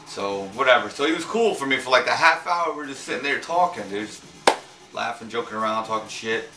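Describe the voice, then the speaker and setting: A man's voice: mid-range voice, lively intonation, fairly quick. A man casually recapping a gaming tournament, rambling and hesitant, often repeating words and swearing. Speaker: fighting-game player recapping a tournament. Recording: roomy, far from mic, faint music.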